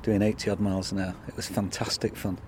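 A middle-aged man, a vintage bus owner, answering questions in a relaxed way with chuckles. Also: on the low side, fast talker, a loud crowd.

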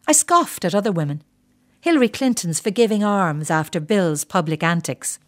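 A middle-aged woman reading a first-person short story in a measured, quietly bitter, reflective way. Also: on the low side, animated. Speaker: narrator.

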